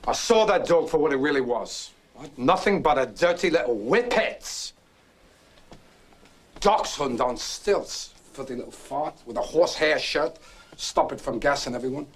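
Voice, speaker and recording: A man's voice: a little high, animated, moderate pace, close to an everyday voice. An actor playing a restless, boastful young man who rambles through a racetrack story and keeps prodding his listener with "right?". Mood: worked up. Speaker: actor in a film drama. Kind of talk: stage-play film acting.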